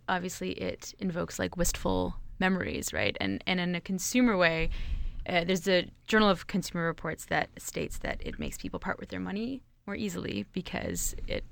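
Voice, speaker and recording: A woman's voice: lowish voice, creaky, fairly bright tone, no echo. A woman co-hosting a casual interview, thoughtfully sharing things she has read, with hesitant restarts. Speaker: co-host.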